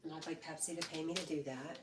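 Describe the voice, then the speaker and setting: Low-voiced woman chatting on a livestream. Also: steady tone, fast, very noisy. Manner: chatty, reads viewer comments aloud, coos to her dog. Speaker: livestream host. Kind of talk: casual livestream chat.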